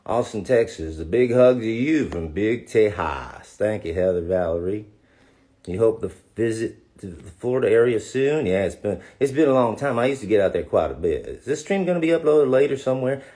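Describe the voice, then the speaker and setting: A man's voice: fairly low pitch, animated, normal speed, mellow. A man, a voice actor, answers fan questions on a live stream, reading the chat aloud in a playful, joking way and calling fans darling.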